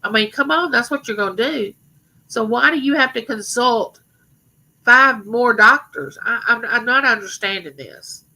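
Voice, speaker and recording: A middle-aged woman with a rough voice, rambling chattily to her viewers as host of a live stream. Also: a little high, expressive, moderate pace, pushed and bright, rough recording. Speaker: livestream host. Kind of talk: casual live stream chat.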